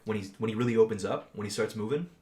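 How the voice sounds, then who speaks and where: A man chatting casually as a podcast guest, upbeat and quick to laugh. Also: fairly low pitch, a little mellow, reverberant, a little hiss or hum. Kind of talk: casual chat.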